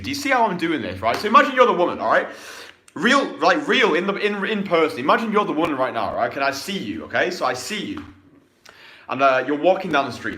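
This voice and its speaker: A man giving a dating coaching talk at a middle pitch, blunt and full of swearing. He hammers his points with sudden loud bursts, then drops into a low, slow murmur. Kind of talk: casual coaching talk to an audience.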